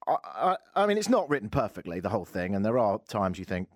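A man's voice: on the low side, sing-song, fast, dry recording, clean studio sound. A man hosting a casual radio talk show, wry and sarcastic, rambling between topics. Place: radio studio. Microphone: studio microphone.

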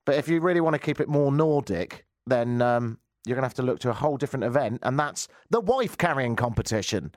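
A man's voice: medium pitch, animated, fast, few pauses, a little mellow, no room sound, clean studio sound. A man hosting a radio show, giving casual commentary with wry, rambling jokes and asides. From England. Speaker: radio host.

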